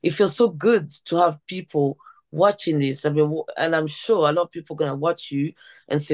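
A woman's voice: low voice, moderate pace, a little mellow. A woman who works as a teacher, hosting a podcast interview, enthusiastic and often restarting her sentences. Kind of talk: conversational interview.

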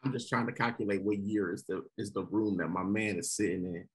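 A man joining a podcast as a comedian guest over a video call, talking fast and joking. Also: lowish voice, breathy edge. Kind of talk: casual chat.

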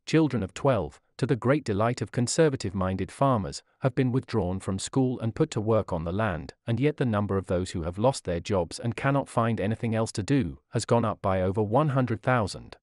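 A man reading a nonfiction audiobook aloud as narrator, with an expressive, pointed delivery and a sardonic edge. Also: lowish voice, a little fast, few pauses, dry recording, clean studio sound.

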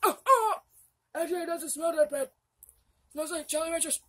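Brief: woman doing a shrill, bossy toothless old grandpa who shouts orders, bright high voice. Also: moderate pace. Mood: scolding. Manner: scolding, shouty.

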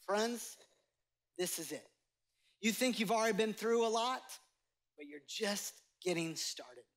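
A man's voice: high voice, animated, measured pace. A male pastor preaching a sermon to a live congregation, conversational and emphatic, joking with the room. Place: church sanctuary with live congregation.

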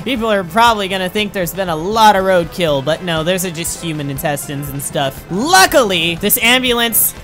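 A man giving excitable gameplay commentary, frantic, exclaiming and laughing at himself as he plays. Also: sits high. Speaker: gaming commentator.

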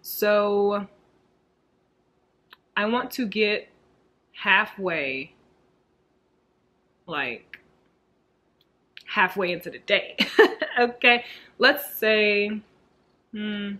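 Bright-voiced woman chatting casually on a vlog. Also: mid-range voice, drawn-out words, pauses often. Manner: chatty, giggly, gushing. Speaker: knitting vlogger.

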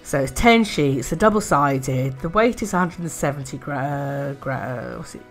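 A woman chatting casually in a craft haul video, gushing with soft admiring murmurs and little laughs. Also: low-pitched, expressive, a little slow, faint music behind. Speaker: art and craft vlogger.

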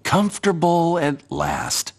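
A man voicing a squeaky, excited scarecrow. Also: slow pace, vocal fry, exaggerated voice. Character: cheerful male scarecrow, eager and bouncy.

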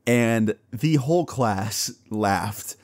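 A young man casually telling a personal story to his viewers, acting out the dialogue in an animated way and swearing now and then. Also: fairly low pitch, very slow, no room sound, studio quality. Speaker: storytime vlogger.

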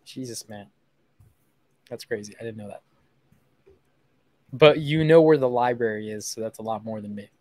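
A young woman hosting a casual live stream, excitable and jokey, swearing freely and teasing herself. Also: a bass voice, normal speed, long pauses, no room sound. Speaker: streaming host making sales calls.

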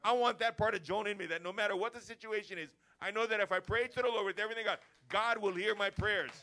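A man preaches with a bright, forceful ring, his voice sitting a touch high for a man. He keeps the sermon energetic, slipping into everyday chats to make his points. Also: fast. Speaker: pastor. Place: church service.

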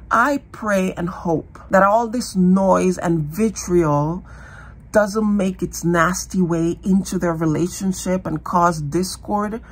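A woman in her fifties with a raspy, nasal voice from a cold, giving slow, earnest commentary to the camera for her vlog. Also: medium pitch. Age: 50s. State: hoarse from a cold. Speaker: vlogger.

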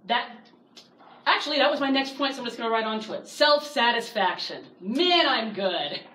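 A woman in her thirties teaching a Bible study class, lively and acting out the voices she quotes. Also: on the high side, brisk. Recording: echoey room, distant mic, faint hiss.

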